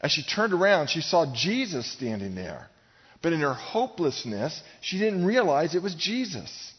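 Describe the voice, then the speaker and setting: A man's voice: a little high, big pitch swings, normal speed. Middle-aged pastor guy preaching hard at the crowd, long echo, kinda dull sound. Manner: emphatic, direct address to the congregation. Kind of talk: sermon. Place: large gym used for church services.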